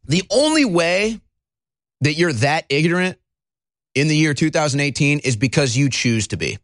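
A man hosting a talk radio show, ranting heatedly and swinging between loud outbursts and calmer stretches. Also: on the high side, no echo, studio quality. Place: broadcast studio.

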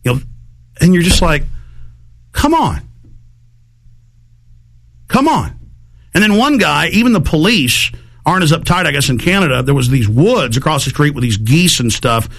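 A man hosts a talk radio show with a gravelly voice. His pitch sits a little high, and he rambles through an animated monologue, putting on voices for the people in his stories. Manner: rambling, acts out quoted voices.

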